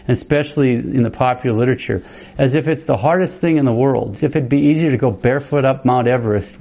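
A man who is a Catholic priest, giving an informal, conversational teaching talk in a brisk way and often breaking off to restart his sentences. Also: mid-range voice, a little mellow, muffled recording. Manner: brisk, conversational, self-interrupting.

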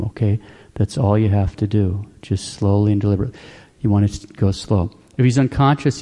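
Man, Catholic preacher, calm instructional talk, plain-spoken, repeats points, warm mellow tone. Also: on the low side, long reverb tail.

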